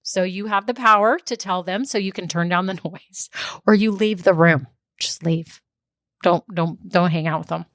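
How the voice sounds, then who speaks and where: A woman's voice: lowish voice, moderate pace, a bit bright, no echo, clean studio sound. A woman, hosting a casual solo business podcast, chatty and laughing often as she goes on tangents. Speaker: podcast host and business coach.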